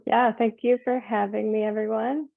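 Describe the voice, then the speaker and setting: A woman's voice: on the high side, flat delivery, moderate pace, creaky. A woman environmental program specialist giving a presentation on a video call, friendly with frequent fillers. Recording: tinny phone-like call audio.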